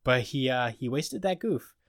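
A man's voice: medium pitch, animated, normal speed, no echo, clean studio sound. A man co-hosting a podcast, rambling through a casual comedic recap and acting out scenes. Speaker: podcast co-host.

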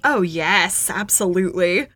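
A woman's voice: on the low side, lively intonation, unhurried, fairly bright tone, dry recording, faint music behind. A woman co-hosting a podcast in casual, playful chat, joking around and thanking listeners. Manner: playful, jokey, talks of voice acting work. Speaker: podcast co-host.

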